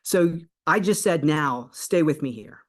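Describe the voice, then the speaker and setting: A woman coach giving a spiritual self-help talk, earnest and explanatory, often checking in with a quick "right?" and restarting phrases. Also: low-pitched, animated.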